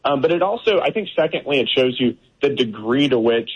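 Guest man in political interview: husky, emphatic, restarts a lot, slightly muffled remote line. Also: medium pitch, lively intonation, a little fast. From Texas. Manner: emphatic, frequent fillers and restarts.

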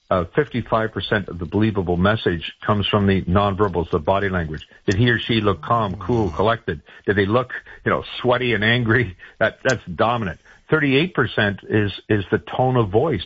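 Low husky guy on the radio giving campaign advice, lots of you knows, kinda muffled. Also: no room sound. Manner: rambling, many fillers and restarts. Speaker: political strategist guest. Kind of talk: radio interview.

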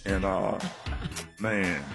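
A man's voice: low-pitched, steady tone, extremely slow, music in the background. A man hosting a comedic morning radio show, joking, teasing and laughing often.

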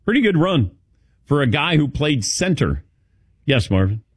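Male show host with an animated, swooping delivery, recorded dry and close. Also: fairly high pitch, unhurried, husky, no room sound. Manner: animated storytelling, calls on co-hosts by name. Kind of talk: casual sports talk chat.

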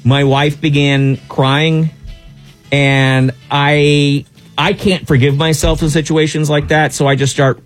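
A man's voice: fairly high pitch, level tone, slow, faint music behind. A man hosting a radio show, telling a long personal story in a casual, exasperated way with lots of restarts.

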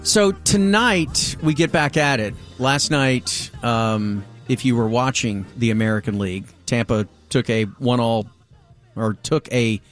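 A man's voice: mid-range voice, a little slow, soft background music. A man hosting a sports radio talk show, chatting casually and jumping in with questions. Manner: lively, animated, jumps in with questions.

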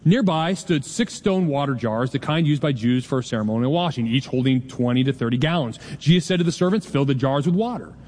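A man in his forties preaching a sermon in a conversational, joking way, with quick asides to the congregation. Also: medium pitch, lively intonation, darkish tone, big-room sound. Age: 40s. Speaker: pastor.

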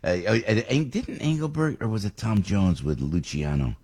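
A man's voice: fairly low pitch, sing-song, normal speed, warm tone, breathy edge. A man hosting a casual political radio talk show, rambling and rising to indignant outbursts. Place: radio studio.

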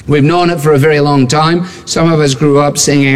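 A man's voice: on the high side, fairly even intonation, moderate pace, big-room sound. A man preaching a sermon, emphatic and building his points through repeated phrases and rhetorical questions to the congregation. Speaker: pastor.

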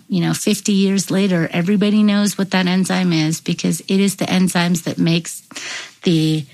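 A woman scientist in an interview, explaining her research in an animated, storytelling way. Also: fairly low pitch, poor audio. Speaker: neuroscientist guest. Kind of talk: interview conversation.

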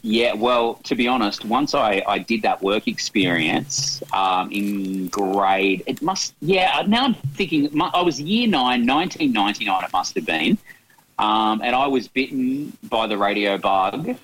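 A man's voice: lowish voice, animated, measured pace, fairly bright tone, rough recording. An Australian man from Australia, a radio guest reminiscing and thinking aloud in an interview.

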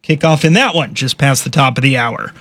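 A male sports reporter giving a brisk, informal radio sports update. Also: medium pitch, a bit bright. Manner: brisk, informal news delivery.

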